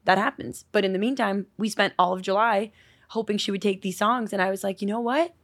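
A woman songwriter chats fast on a podcast, spinning stories with lively energy. She slips into the voices of the people she quotes. The sound is dry and close, with no room around her. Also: medium pitch, no echo. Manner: animated storyteller acting out quotes. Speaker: songwriter guest. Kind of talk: casual podcast interview.

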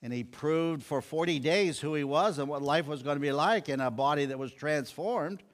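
A man's voice: a little high, moderate pace. An older man preaching a sermon, telling scripture stories and acting out the quoted lines. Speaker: pastor.

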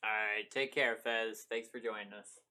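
A man co-hosting a fan podcast, excitable and speaking in rapid bursts with laughter. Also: fairly low pitch. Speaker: podcast co-host. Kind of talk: casual podcast chat.

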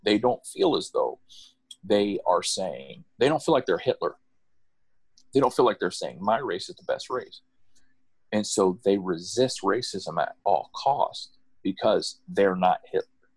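A middle-aged man with a very low voice tells personal stories in a loose, conversational way. He restarts and repeats words as he goes and jumps up in pitch when he quotes people. The recording is dry and close. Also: sing-song, unhurried, slightly rough, no room sound. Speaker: guest telling personal stories. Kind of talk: casual conversational storytelling.

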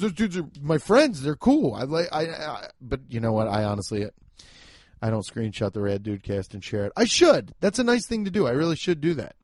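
Man, podcast host, rambling comedic monologue, fairly high voice, dry close sound. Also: no echo. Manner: rambling, profane, jumps into loud emphatic bursts.

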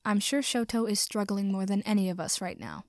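A woman's voice: medium pitch, fairly quick, a little mellow, dry recording, clean studio sound, natural voice. A woman voicing a pompous, formal young man who speaks with stiff precision. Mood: magnanimous.

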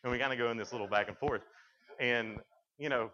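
A young man from Tennessee, speaking with a Southern accent, works as a youth speaker and entertains students with humorous stories full of acted-out dialogue. His mid-range voice is fairly quick, bright and forceful, and the recording quality is dull and lo-fi.

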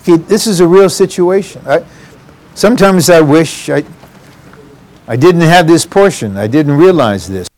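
A man's voice: fairly high pitch, animated, measured pace, darkish tone. A man preaching a sermon, earnest and addressing the congregation directly.

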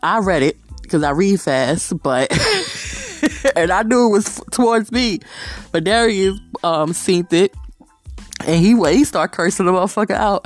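A podcast host telling rambling stories in a casual monologue, swearing constantly and laughing often. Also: medium pitch. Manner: profane, rambling storytelling.

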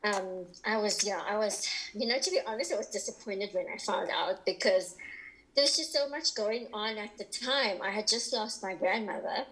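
A woman's voice: medium pitch, normal speed, fairly bright tone, poor audio. A woman speaking as a podcast guest in a casual interview, open and candid, chatty with lots of fillers.

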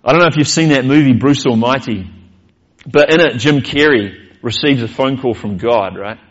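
A man's voice: medium pitch, lo-fi sound. A male pastor, preaching a sermon earnestly and posing rhetorical questions.

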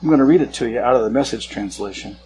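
A male pastor giving a sermon in a relaxed, conversational way, with casual asides, slowing down to stress key words. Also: medium pitch, slight background noise, low-quality recording.

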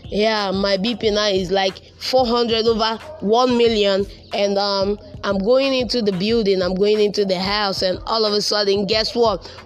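A young man with a Nigerian accent telling a casual personal story, animated and repeating words for emphasis. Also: sits high, a little slow.

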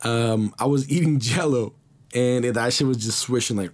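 A man's voice: mid-range voice, moderate pace. Profane slangy man telling stories. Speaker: podcast host. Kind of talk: casual storytelling.

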